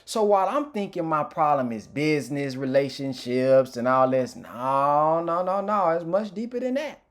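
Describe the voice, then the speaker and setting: A man's voice: on the high side, animated, normal speed. A man giving an informal, emotional personal testimony as a motivational speaker, candid and reflective, often restarting his sentences.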